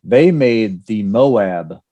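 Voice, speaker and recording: A man co-hosting a veterans' podcast, telling old army stories in a casual, animated way. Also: lowish voice, very slow, highs cut off. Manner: storytelling, animated, with laughs. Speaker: podcast co-host.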